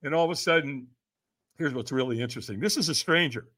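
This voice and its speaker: A middle-aged man, a personal development coach, telling an animated story as a podcast guest, acting out what others said and often checking in with "right?". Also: mid-range voice, fast. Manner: lively, acts out quoted voices, frequent "right?".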